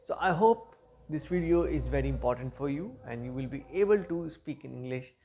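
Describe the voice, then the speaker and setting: Gravelly-voiced man coaching spoken English. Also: on the high side, lively intonation, fairly quick, slight background noise. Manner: earnest, repetitive advice with uneven loudness. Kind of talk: instructional video monologue.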